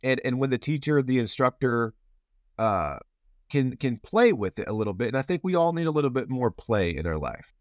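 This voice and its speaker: An animated man with a mid-range voice hosts a casual podcast interview at a moderate pace. He rambles, plays around, and restarts a lot, on a dry, studio-quality recording.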